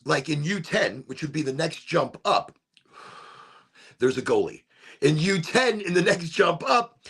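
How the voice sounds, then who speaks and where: A man's voice: on the high side, creaky, a bit bright, husky. A man hosting a podcast, casually telling a rambling story with frequent laughs. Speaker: podcast host and youth soccer coach. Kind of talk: casual chat.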